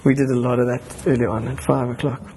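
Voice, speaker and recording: A man's voice: mid-range voice, little pitch movement, fast talker, background noise. A man giving an informal, enthusiastic talk at a church gathering. He rambles, restarts his sentences and laughs between them.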